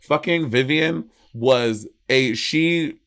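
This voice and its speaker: A man co-hosting a casual chat, animated and playfully argumentative, often laughing. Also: mid-range voice, takes it slowly. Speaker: podcast co-host.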